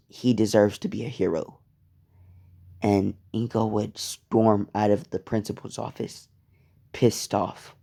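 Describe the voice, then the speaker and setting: A man's voice: on the low side, vocal fry, mellow. A man telling a story casually, rambling, cursing and interrupting himself. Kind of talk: casual fan-fiction storytelling.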